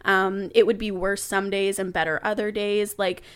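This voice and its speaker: A young adult woman, a podcast guest, telling a personal story in casual chat, animated, laughing and swearing now and then. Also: medium pitch, moderate pace, clear, resonant tone.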